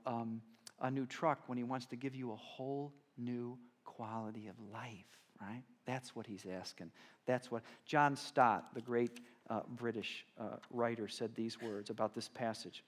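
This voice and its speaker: A man preaching a sermon in a conversational storytelling manner, swinging between loud emphatic lines and quiet asides. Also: mid-range voice, fairly even intonation, a little slow. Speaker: pastor.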